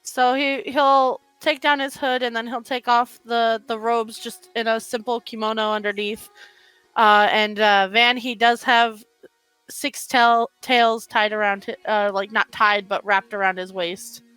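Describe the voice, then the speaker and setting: A woman's voice: fairly high pitch, fairly even intonation, measured pace, pushed and bright, clean tone, dry recording, faint music behind, rough recording. Casual woman roleplaying a fortune teller. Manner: casual, describes actions then speaks in character. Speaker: player. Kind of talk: in-character tabletop roleplay chat.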